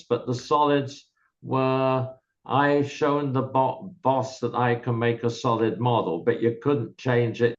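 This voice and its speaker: An older man, a guest in an interview, recalls his career in a measured, explanatory way. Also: mid-range voice. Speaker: guest, software founder. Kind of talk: candid reminiscing interview. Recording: slightly dull lo-fi recording.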